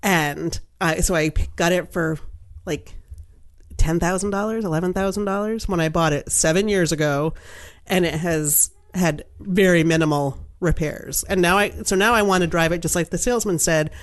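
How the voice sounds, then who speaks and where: A woman's voice: lowish voice, normal speed. A middle-aged woman from Maine co-hosting a podcast, telling a story in casual chat and acting out the people in it with lots of laughter. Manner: animated storyteller, acts out quoted voices, laughs often. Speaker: podcast co-host.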